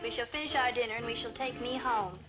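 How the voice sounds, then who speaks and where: A woman's voice: on the high side, fast talker, over music, close to an everyday voice. An actress playing a bored, impatient young woman on a date who is curt and dismissive, in a 1960s sitcom.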